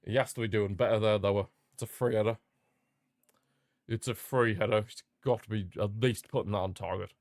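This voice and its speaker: A young man hosting a live football watchalong, chatting casually and repeating himself, with sudden bursts of excitement. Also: on the low side, fairly quick, no room sound, studio quality. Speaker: watchalong host. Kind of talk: casual live match commentary.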